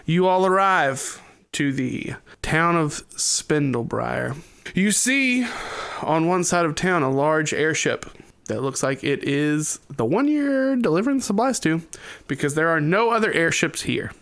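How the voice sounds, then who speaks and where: A man's voice: on the high side, animated, measured pace, fairly bright tone. A man narrating as dungeon master of a tabletop game, playful and improvising his scene descriptions.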